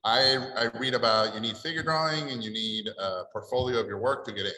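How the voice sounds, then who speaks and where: A man's voice: medium pitch, fairly quick, echoey room, poor audio. A middle-aged man from Mexico, telling stories on a panel and acting out the people in them. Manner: animated, acts out the people in his stories. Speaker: panelist at an art event. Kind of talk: storytelling at a panel Q&A.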